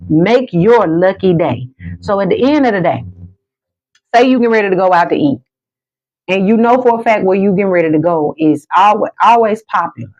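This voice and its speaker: Deep-voiced woman, livestream spiritual reader, emphatic and repetitive, muffled lo-fi audio. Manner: emphatic and repetitive, slows down for calming affirmations. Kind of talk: motivational livestream chat. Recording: dull lo-fi sound.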